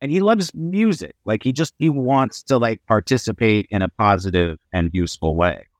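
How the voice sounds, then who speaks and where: Animated middle-aged man telling stories. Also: fairly low pitch, normal speed, dry recording, clean studio sound. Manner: animated storyteller, acts out quotes. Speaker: guest musician. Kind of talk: casual podcast chat.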